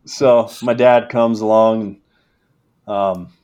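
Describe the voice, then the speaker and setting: A young man telling a hunting story in casual talk, animated and laughing as he goes. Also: on the low side, takes it slowly. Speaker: guest, game call maker.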